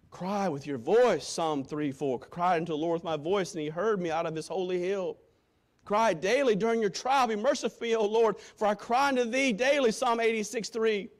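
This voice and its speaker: A male preacher giving a sermon, quoting scripture in old-fashioned wording and swinging from shouted appeals to hushed, quiet lines. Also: fairly high pitch, brisk. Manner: impassioned, swinging from loud shouting to hushed tones.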